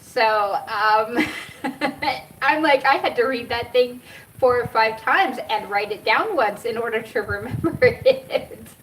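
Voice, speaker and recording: Middle-aged woman vlogger, rambling and emotional, laughs a lot, high voice, distant outdoor camera mic. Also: takes it slowly, a bit bright, slight background noise. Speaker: cannabis and cancer vlogger. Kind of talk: rambling personal storytelling. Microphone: camera set up nearby.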